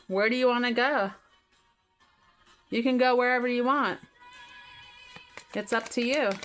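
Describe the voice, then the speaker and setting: A woman's voice: mid-range voice, a bit bright. A woman giving a casual tarot reading, talking straight to the viewer in a chatty way and laughing easily. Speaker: tarot reader. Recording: faint music behind.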